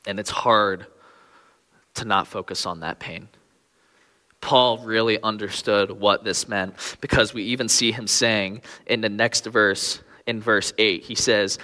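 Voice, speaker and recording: Young male preacher, earnest sermon delivery, low and bright, long hall reverb.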